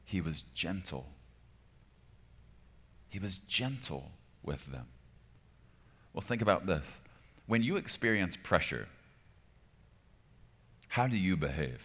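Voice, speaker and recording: Male pastor, forties, low voice; emphatic sermon delivery that swings soft to loud, long reverb of a large hall. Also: big pitch swings, slow, long pauses.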